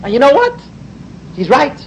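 A man's voice: very high-pitched, wildly swooping pitch, moderate pace, lo-fi sound, a little hiss or hum. A man giving an emphatic Torah class, explaining mystical ideas and mixing in Hebrew and Yiddish terms. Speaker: rabbi teaching Torah.

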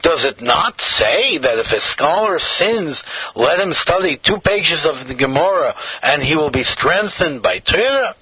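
A man's voice: on the high side, expressive, measured pace, slightly rough, no echo, full character voice. A man voicing a cunning male stranger who tempts with mocking, persuasive questions. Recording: dull lo-fi recording.

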